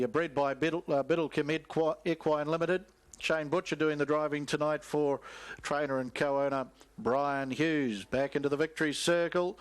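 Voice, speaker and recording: A man calling a live harness race, listing runners in a rhythmic commentary. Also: clean tone. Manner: rapid rhythmic race calling, rising in pitch at the finish. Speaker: race caller.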